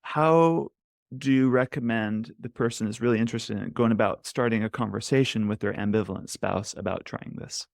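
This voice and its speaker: A man's voice: on the low side, moderate pace, creaky, no echo, clean studio sound. A man hosting a podcast interview, affirming and asking questions with frequent agreement. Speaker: podcast host.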